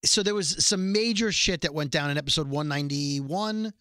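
A bright, chatty man co-hosting a podcast, talking fast and a little scattered, now and then reading a passage aloud. His voice sits on the higher side and sounds crisp and forward. The recording is close and dry. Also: dry recording. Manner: quick, chatty, reads aloud from a letter. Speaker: podcast co-host. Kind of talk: casual chat.

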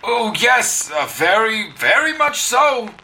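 A man's voice: sits high, big pitch swings, slow pace, bright, forceful tone, a little hiss or hum, voice pushed up, full character voice. A man putting on the voice of a nervous, stammering older male doctor in a comedy radio sketch, full of hesitant uhs. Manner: hesitant, stuttering, many uhs.

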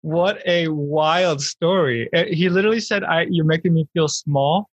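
A man's voice: on the high side, moderate pace, no echo, muffled recording. A man hosting a podcast, asking easygoing questions in a casual interview. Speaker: podcast host.

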